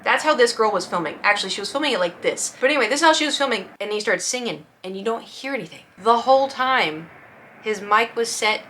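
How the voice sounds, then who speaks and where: A young woman vlogger chats her way through a story, animatedly performing quoted lines in changing voices. She talks fast in a slightly high voice, with a bit of background noise.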